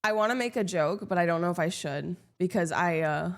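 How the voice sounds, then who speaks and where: A young woman live streaming, chatting casually with her viewers in a sarcastic, deadpan, teasing way. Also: on the low side, fairly quick.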